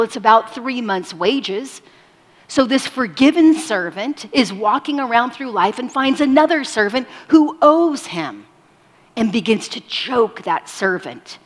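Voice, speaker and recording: A woman delivers a sermon at an unhurried pace, her voice husky and a little breathy. She shifts from loud emphasis to near-whispers. A long hall reverb trails after her words. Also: medium pitch. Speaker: preacher.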